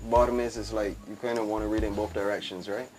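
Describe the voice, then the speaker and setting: This man's voice sits on the low side, delivered fast and flat with a darkish tone and a little hiss or hum on the recording. A guest on a laid-back show, the fashion entrepreneur chats animatedly and emphatically. He repeats himself and addresses his host as "B" over and over.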